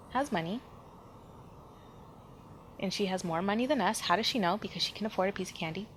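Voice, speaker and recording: A woman hosting a podcast, telling a personal story in an animated, emphatic way, with frequent sighs and fillers. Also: medium pitch, moderate pace, long pauses, a little hiss or hum. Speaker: podcast host.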